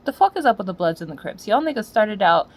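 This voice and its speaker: A woman's voice: very animated, fast talker, low-quality recording. Woman on a sweary slangy rant. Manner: swings from low muttering to loud yelling. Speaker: solo podcaster. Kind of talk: profane ranting monologue.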